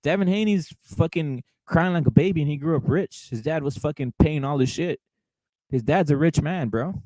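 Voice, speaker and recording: A man's voice: a little high, normal speed, warm tone, no room sound, low-quality recording. A man hosting a boxing show, ranting casually with a lot of swearing and repetition. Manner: profane, heated, repetitive, keeps saying "brother". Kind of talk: casual livestream rant.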